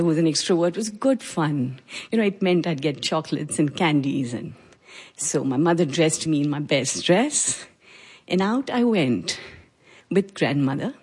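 Husky-voiced Indian woman telling her story. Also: fairly low pitch, darkish tone. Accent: Indian English. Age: 40s. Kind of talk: personal storytelling talk.

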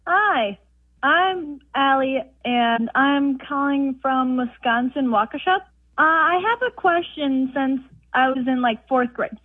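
A woman's voice: high-pitched, takes it slowly, dry recording. A teenage girl calling in to a radio show, asking a question in a hesitant way. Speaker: radio caller. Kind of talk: casual phone question. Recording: tinny phone line.

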